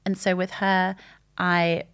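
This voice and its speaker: Gravelly-voiced woman in her thirties. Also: fairly low pitch, takes it slowly. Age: 30s. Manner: open, animated storytelling with quoted voices. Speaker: podcast guest. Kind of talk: candid conversational chat.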